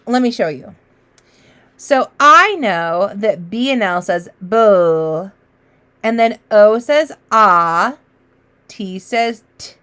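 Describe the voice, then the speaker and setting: A woman teacher giving a children's phonics lesson, encouraging and sounding out letters slowly. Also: fairly high pitch, fairly bright tone.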